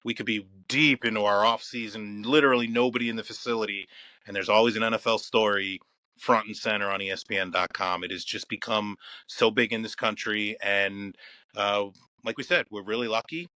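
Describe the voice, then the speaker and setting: A man's voice: on the low side, steady tone, fairly quick, sharp tone, no room sound. A man from Philadelphia, a guest on a podcast, talking earnestly and gratefully in a casual interview. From Philadelphia, United States. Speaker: league scheduling executive, guest.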